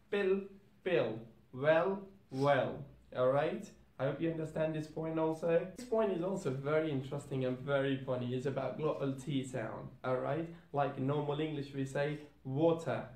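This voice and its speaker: A man's voice: medium pitch, darkish tone. A man hosting an accent tutorial. He explains each point, repeats every example word twice, and keeps asking "all right?". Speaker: host. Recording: echoey room.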